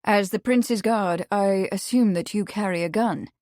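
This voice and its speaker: A woman voicing a kindly, measured Victorian gentleman investigator. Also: mid-range voice, dry recording, studio quality, close to an everyday voice.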